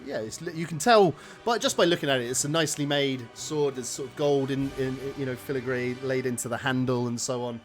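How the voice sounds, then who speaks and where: Game master narrating a tabletop game. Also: male voice, medium pitch, fairly quick, hardly any pauses, faint music behind. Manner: rambling, many fillers and restarts.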